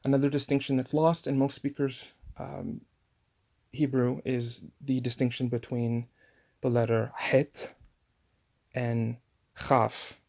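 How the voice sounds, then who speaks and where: Gravelly man explaining pronunciation. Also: mid-range voice, level tone, unhurried, dark tone. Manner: chatty, many fillers and restarts. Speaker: language teacher. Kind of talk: casual language lesson.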